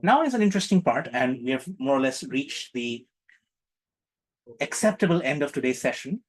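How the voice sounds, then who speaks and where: A man's voice: medium pitch, animated, normal speed. A man leading an online group healing session on a video call, playful and teacherly, repeating his questions to the group. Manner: playful, repetitive teacherly prompting.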